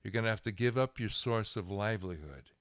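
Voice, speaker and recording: An older man, a guest minister, telling a lively anecdote in an interview, chuckling and restarting his phrases. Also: lowish voice, a little fast, dry recording, clean studio sound. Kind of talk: storytelling interview.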